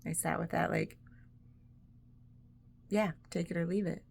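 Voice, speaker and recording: A woman's voice: lowish voice, fairly even intonation, unhurried, gravelly, a little mellow, a little hiss or hum. A woman vlogger talking in a casual, rambling way, full of "like"s and easy laughs. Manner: rambling, chatty, laughs often, many "like"s. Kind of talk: casual reflective monologue.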